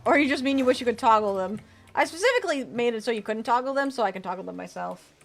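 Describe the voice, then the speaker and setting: In a slightly high, creaky, expressive voice, a woman streams a game as a VTuber and talks quickly. She reads out and responds to chat messages in casual commentary, cursing from time to time.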